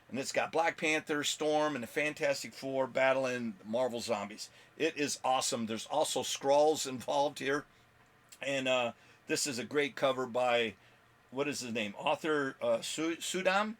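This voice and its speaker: A man's voice: a little high, fairly bright tone. A man hosting his own comic book video blog, talking casually and rambling with many fillers. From United States. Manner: rambling, chatty, with fillers and laughs. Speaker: comic book channel host.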